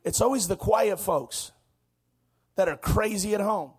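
A man preaching a Pentecostal sermon, shouting and folksy, dropping to quiet asides between loud calls. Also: high-pitched, measured pace, a little hiss or hum. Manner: shouting, preaching with rising intensity. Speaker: pastor.

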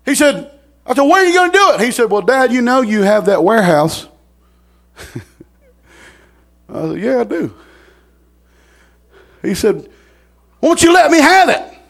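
Middle-aged preacher guy, real high voice, folksy, stumbles and repeats, gets loud. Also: very animated, unhurried, creaky, pauses often. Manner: folksy, repeats words, rising to shouts. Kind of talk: sermon storytelling.

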